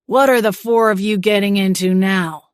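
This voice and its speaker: A woman voicing a gruff, impatient small-town sheriff who speaks bluntly in a cozy audiobook. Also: fairly low pitch, moderate pace, dry recording, clean studio sound, close to an everyday voice. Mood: stern. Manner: demanding, blunt.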